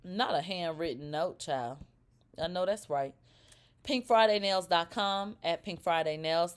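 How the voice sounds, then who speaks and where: A woman in her thirties hosting a live celebrity gossip stream, reading comments aloud and reacting in a profane, animated way, from a low drawl up to sudden shrieks. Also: measured pace, clear, resonant tone.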